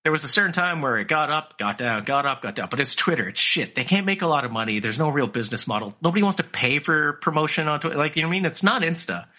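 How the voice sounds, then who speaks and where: Animated, husky-voiced man telling a story. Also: on the high side, fast, few pauses. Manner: animated, profane, slips into mocking voices for people he quotes. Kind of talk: casual storytelling chat.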